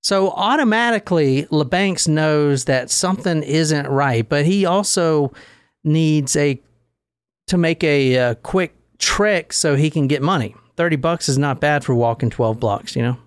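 A man's voice: on the high side, a little slow, clear, resonant tone, no echo, clean studio sound. A man hosting a casual podcast, telling a story in a loose, profane, joking way. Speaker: podcast host.

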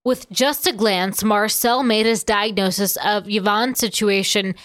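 A woman co-hosting a podcast, chatting casually and reading narration in a measured way. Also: mid-range voice, steady tone, fairly bright tone. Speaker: podcast co-host.

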